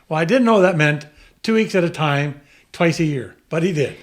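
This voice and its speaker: A man's voice: fairly high pitch, normal speed. A man telling a long story in a casual chat, acting out the voices of the people he quotes and chuckling as he goes. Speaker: guest.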